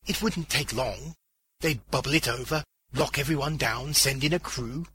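A man's voice: mid-range voice, moderate pace, sharp tone, husky, no echo, voice pushed up. A man voicing a cynical old man who explains things in a matter-of-fact, knowing way.

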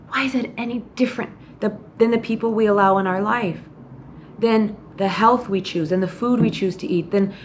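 A woman hosts her own podcast, speaking straight to listeners in a motivational monologue. She is blunt and pushes them to try harder. Her voice sits in a middle range, and her quotes of other people come out bright and animated. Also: mid-range voice. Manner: direct tough-love talk, animated quoting. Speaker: podcast host.

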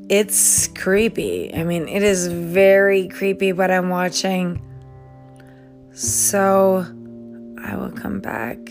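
Very slow rambling woman, faint music. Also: fairly low pitch, vocal fry. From US East Coast. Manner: slow, meandering, drifts into whispers. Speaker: podcast host. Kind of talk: rambling personal voice memo. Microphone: phone.

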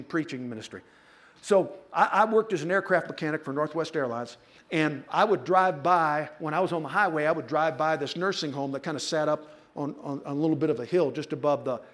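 Animated man preaching with stories. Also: on the high side. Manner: animated storytelling with playful asides to the congregation. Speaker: pastor. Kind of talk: sermon. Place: church.

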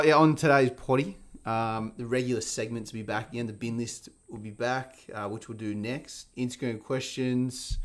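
A man co-hosting a casual sports podcast, swearing freely and telling stories in a lively, animated way. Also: medium pitch. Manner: swears a lot, animated storytelling with put-on quotes. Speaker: podcast co-host.

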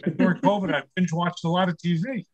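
A man's voice: high-pitched, fairly even intonation, quick pace, lo-fi sound. A man in his sixties from New York City doing a stand-up comedy set over a video call from his home studio, firing off one-liners and laughing at his own jokes. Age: 60s. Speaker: stand-up comic.

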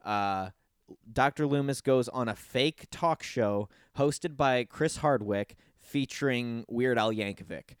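On a casual podcast, a man rants animatedly and swears freely, slipping into high squeaky voices whenever he mimics someone. His delivery is slow and smooth, and the close-miked, dry sound has no echo or room around it.

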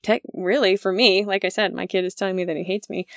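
A woman in her thirties talks through a parenting podcast in a loose, chatty way, laughing often as she goes. Her voice sits at a middling pitch. It is recorded close and dry, with no room sound behind it. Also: steady tone, fast talker, fairly bright tone, no echo. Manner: conversational, laughs often, acts out quoted lines. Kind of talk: casual podcast talk.

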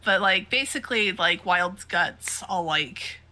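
A woman's voice: lowish voice, lively intonation, unhurried, over a noisy crowd. A woman co-hosting a podcast, casually recapping a manga, laughing often and acting out characters' lines. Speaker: podcast co-host.

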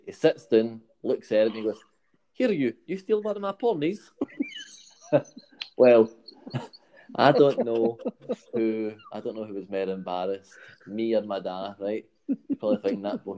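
A man's voice: low-pitched, warm tone. A Scottish man telling a long, rambling anecdote in casual chat, checking in with "right?" and laughing as he goes.

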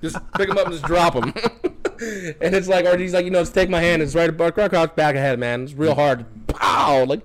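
A man's voice: fairly high pitch, steady tone, fairly quick. A man in his thirties hosting a podcast, telling stories casually with lots of swearing and laughter. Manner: profane, laughing storyteller. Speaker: podcast host, EMT.

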